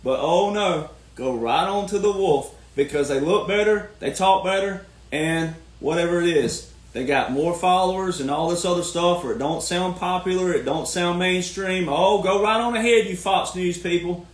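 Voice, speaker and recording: A man's voice: sits high, moderate pace, hardly any pauses. A man delivering a folksy, preachy political rant, repeating his points. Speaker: commentary host. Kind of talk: ranting political monologue. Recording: roomy echo.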